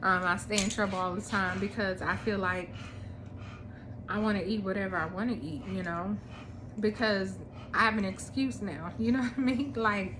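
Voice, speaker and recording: A woman's voice: mid-range voice, moderate pace. Thirty-something woman just chatting to her camera at home, laid back, lots of ums, faint hum behind her. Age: 30s. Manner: relaxed, rambling, frequent ums. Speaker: vlogger. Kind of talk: casual chat.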